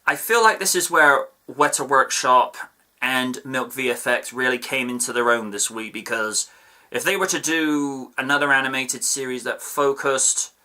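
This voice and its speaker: A man reviews a cartoon episode in a casual video. He wanders into playful asides as he goes. His voice is bright and tense, at a middling pitch. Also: moderate pace. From United Kingdom. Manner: chatty, with playful asides and digressions.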